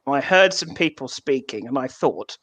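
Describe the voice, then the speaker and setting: An English guest comedian chatting casually, self-deprecating and quick to laugh. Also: medium pitch, lively intonation, fairly bright tone, breathy edge, no room sound. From England. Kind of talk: casual chat on a comedy show.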